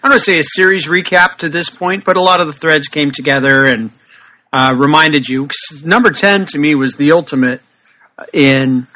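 Bright, slightly high man chatting about comics. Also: normal speed, rough recording. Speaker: podcast co-host. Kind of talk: casual chat about comics.

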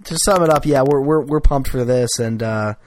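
A podcast co-host with a mid-range, slightly mellow voice chats casually and enthusiastically at normal speed, frequently restarting his sentences. There's slight background noise.

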